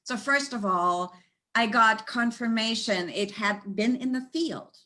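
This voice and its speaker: A woman working as an animal communicator, telling stories in an animated, conversational way and laughing often. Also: fairly high pitch, measured pace. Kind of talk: storytelling in a conversational interview. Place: United States.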